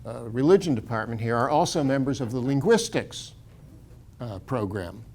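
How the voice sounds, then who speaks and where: A man's voice: mid-range voice, expressive, normal speed, a little mellow. An older American man lecturing as a university professor in a casual, digressive way, chuckling often and restarting his sentences. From United States.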